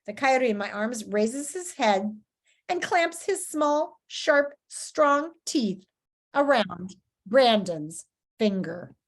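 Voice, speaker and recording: Expressive woman reading a storybook aloud. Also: a little high, slow pace. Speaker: story reader. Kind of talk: reading a children's book aloud.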